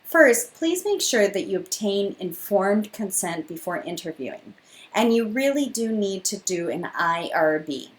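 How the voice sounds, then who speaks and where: A woman's voice: mid-range voice, big pitch swings, measured pace, rough recording. Woman lecturing on interview methods. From not from Liberia. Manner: explanatory, acts out example questions. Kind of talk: classroom lecture.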